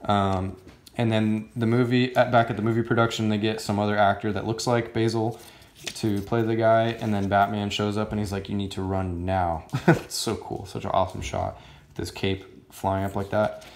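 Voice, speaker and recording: Low-voiced man, casual comic reviewer, rambling with lots of fillers. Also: level tone, normal speed, reverberant, slight background noise.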